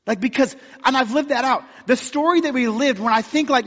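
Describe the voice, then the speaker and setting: Male pastor, high voice, chatty storytelling sermon, muffled hall sound. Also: fairly quick, fairly bright tone. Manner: storytelling, conversational with acted-out quotes. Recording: dull sound with long hall reverb.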